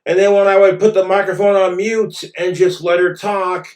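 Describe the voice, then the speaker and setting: A man's voice: sits high, flat delivery, moderate pace, a little mellow, echoey room. A man ranting in a vlog monologue, aggrieved and profane. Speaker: vlogger.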